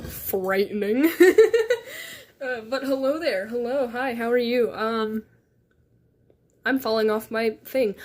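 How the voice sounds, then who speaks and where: A woman chatting casually on a livestream, rambling and giggling in a self-deprecating way, speaking from her bedroom into a phone on a tripod. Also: a little high. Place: her bedroom, on a beanbag chair.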